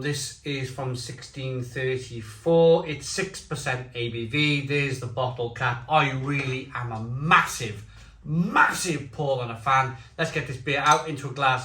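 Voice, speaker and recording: Man, beer tasting vlog, rambling chatty delivery, bright sharp tone, echoey room. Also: fairly high pitch. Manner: chatty and rambling, with stammered restarts. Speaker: beer reviewer. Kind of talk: casual tasting chat to camera.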